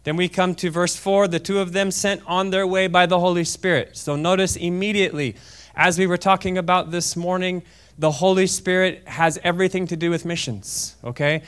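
High-voiced smooth preacher man. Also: steady tone, moderate pace. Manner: chatty, checks in with "okay?" often; swings from quiet asides to loud fervent reading. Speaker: guest preacher. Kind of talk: sermon with scripture reading. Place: church service.

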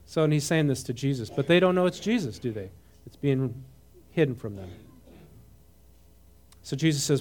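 A man's voice: medium pitch, normal speed, pauses often. A man preaching a conversational sermon. He reads scripture aloud, adds his own comments and keeps asking the congregation questions. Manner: animated, asks the audience questions, mixes reading with comment. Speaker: preacher teaching a Bible passage.

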